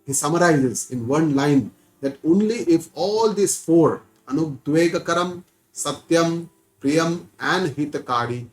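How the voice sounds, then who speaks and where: A middle-aged man with an Indian English accent delivers a spiritual discourse in an earnest, steady way, doubling words like "very, very" for weight. His voice sits slightly high for a man. Soft music plays faintly behind him. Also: low-quality recording. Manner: earnest, repeats words for stress, chants verses slowly. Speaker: Gita teacher.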